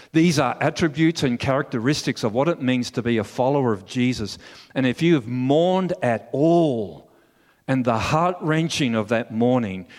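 A male pastor preaches in an earnest, measured way, telling the story slowly. His mid-range voice rings through a long hall reverb in a church. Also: mid-range voice. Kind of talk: sermon.

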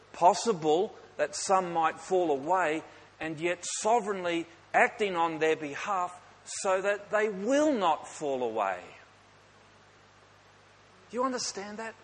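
A man preaching a sermon, emphatic, with rhetorical questions to the congregation and light joking asides. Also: sits high. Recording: echoey hall with faint hiss.

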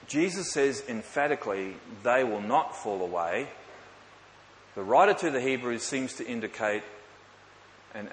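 A man preaching a sermon, emphatic, with rhetorical questions to the congregation and light joking asides. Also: mid-range voice. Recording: echoey hall with faint hiss.

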